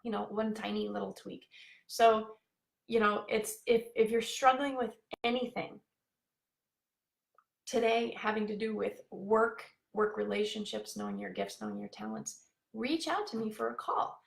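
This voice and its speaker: Bubbly chatty woman coach with vocal fry. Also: mid-range voice, steady tone, unhurried. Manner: bubbly, chatty, many fillers. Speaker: life coach. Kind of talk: live-streamed coaching talk.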